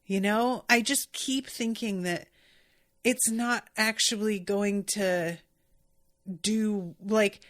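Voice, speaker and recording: A woman's voice: mid-range voice, steady tone, takes it slowly, a bit bright. A woman hosting a podcast, chatting casually and rambling with lots of fillers and restarts. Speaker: podcast host. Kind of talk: casual chat reacting to an anime.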